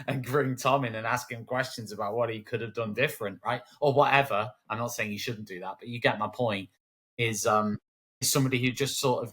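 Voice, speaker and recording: A man's voice: mid-range voice, fairly quick. A British man, a guest on an interview podcast, telling stories with energy and slipping into quoted voices. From United Kingdom. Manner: animated storyteller who acts out quoted voices. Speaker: guest, education broadcaster. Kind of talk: conversational interview.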